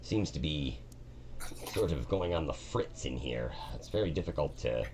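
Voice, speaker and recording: A man voicing a fussy male robot companion who complains in a prim, measured way. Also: rumbling low, lively intonation, very noisy. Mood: complaining.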